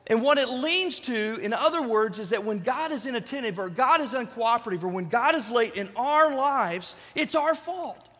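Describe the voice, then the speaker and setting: A man's voice: extremely high pitch, expressive, normal speed, few pauses, bright, forceful tone, in a large hall. A man pastor preaching a conversational sermon to his congregation, repeating phrases and checking in with "right?". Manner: repetitive, rhetorical, conversational preaching with frequent "right?". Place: church sanctuary.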